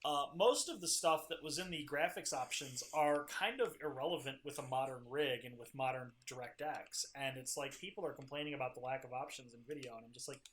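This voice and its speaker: A man co-hosting a casual gaming show, talking through the week's game news in a loose, opinionated way. His voice is bright and forceful at a middle pitch. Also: fairly quick, few pauses, a little hiss or hum. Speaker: co-host. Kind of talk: casual gaming podcast chat.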